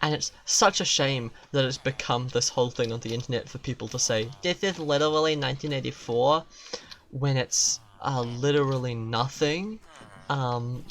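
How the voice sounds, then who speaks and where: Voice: mid-range voice, a bit bright, slight background noise. A streamer chatting casually while playing a game, ranting with heavy swearing and self-mocking asides. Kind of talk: casual gaming-stream rant.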